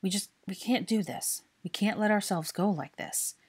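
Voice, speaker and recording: A woman's voice: mid-range voice, moderate pace, slightly rough, voice pushed up, natural voice. A woman voicing an anxious, earnest young man in love, talking in an urgent, pleading way.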